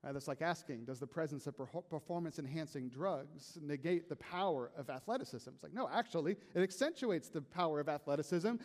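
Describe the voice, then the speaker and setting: A man preaching a sermon as a pastor, in a conversational, animated way with frequent "right?" asides. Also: on the high side, brisk, hardly any pauses, long reverb tail.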